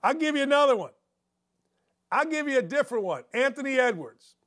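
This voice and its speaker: A man's voice: extremely high pitch, big pitch swings, brisk, a bit bright. A middle-aged man hosting a sports talk show, giving a blunt, opinionated commentary monologue and drifting into stories. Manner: blunt, opinionated, rambling storyteller.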